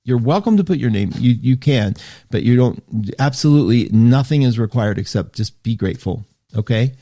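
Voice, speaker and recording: A male radio host talking to listeners in a chatty, animated way, often breaking off mid-sentence and reading listener comments aloud. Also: medium pitch, normal speed. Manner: chatty, animated, self-interrupting. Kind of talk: live radio show monologue.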